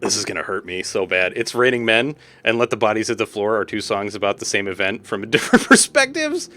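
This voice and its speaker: Young guy streaming a dating game, bright voice, goofy and trips over his words a lot. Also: lowish voice, sing-song, brisk. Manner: goofy, tongue-tied, laughs at his own jokes. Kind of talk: casual game commentary.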